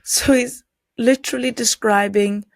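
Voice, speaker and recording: A woman's voice: on the high side, steady tone, measured pace, dry recording. Critical woman reaction commentator, dry. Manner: critical and dismissive. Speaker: commentary host.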